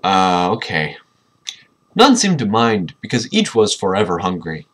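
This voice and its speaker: Man, low voice, husky, casual read-aloud, sarcastic commentary. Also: wildly swooping pitch, a little slow. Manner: sarcastic, mocking asides. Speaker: reader commenting on a book. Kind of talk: casual dramatic reading with commentary.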